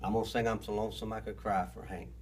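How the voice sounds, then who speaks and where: A singer-songwriter speaking slowly and earnestly to the camera from an indoor recording studio. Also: male voice, lowish voice, little pitch movement. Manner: slow, earnest, reverent talk. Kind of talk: casual spoken intro to camera. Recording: loud piano music in the studio.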